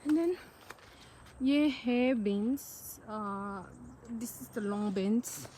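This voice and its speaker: A woman's voice: on the high side, very slow, mellow, slight background noise. A young woman, chatting in a casual vlog as she walks around a farm outdoors, exclamatory and thinking aloud. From Nagaland, northeast India. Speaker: vlogger.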